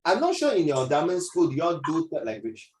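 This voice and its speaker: A Singaporean man runs a lesson in a loose, joking way. His voice swings up and down a lot as he teases students and slips between languages. He sounds playful and never stays on one note. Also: a little fast. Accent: Singaporean English. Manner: animated, teasing, mixes languages, lively pitch swings. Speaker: tutor.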